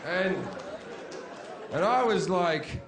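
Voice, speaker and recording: Brash stand-up comic, high voice. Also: male voice, extremely slow, crowd noise. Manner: crude, shouty punchlines with sudden yelled quotes. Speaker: stand-up comedian. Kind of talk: stand-up comedy storytelling. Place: comedy stage before a laughing audience.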